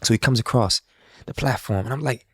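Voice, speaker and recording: A man's voice: medium pitch, a little fast, husky, no echo. A man, a street musician, telling a story in casual talk and acting out the dialogue of the people in it. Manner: animated, acts out quoted dialogue.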